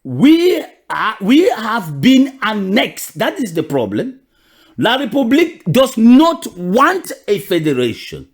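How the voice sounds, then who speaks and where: A man's voice: high voice, wildly swooping pitch, slow. A man with a Cameroonian accent giving an impassioned political monologue, repeating questions and restarting with emphasis. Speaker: political commentator.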